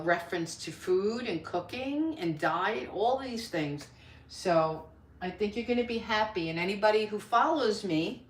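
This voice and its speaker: A woman's voice: mid-range voice, distant mic. A woman in her sixties, hosting a live cooking stream in her home kitchen, chatting upbeat and talking to viewers by name. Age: 60s. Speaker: host. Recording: echoey kitchen.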